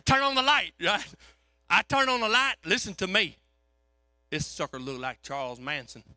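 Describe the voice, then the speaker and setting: Folksy high-voiced preacher. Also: male voice, moderate pace, no echo. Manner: folksy, animated storytelling. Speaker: pastor. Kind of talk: storytelling sermon.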